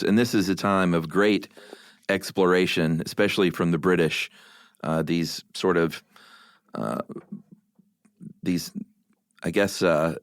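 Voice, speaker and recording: A man's voice: deep voice, smooth, no room sound, clean studio sound. A man co-hosting a podcast in casual chat, a laid-back storyteller who mocks himself and fills gaps with "uh". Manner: laid-back, self-mocking storyteller with many uhs. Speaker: podcast co-host.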